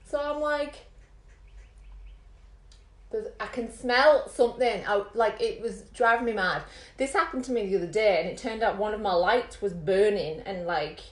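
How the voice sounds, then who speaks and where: A woman vlogging and telling a rambling story in an animated way, full of fillers. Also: mid-range voice. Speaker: makeup vlogger. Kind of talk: chatty storytelling. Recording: roomy echo.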